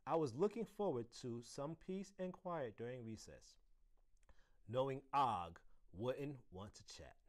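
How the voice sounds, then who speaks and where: A school assistant principal reads a children's chapter book aloud. He reads slowly and expressively, letting his pitch rise and fall freely. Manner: expressive storytelling.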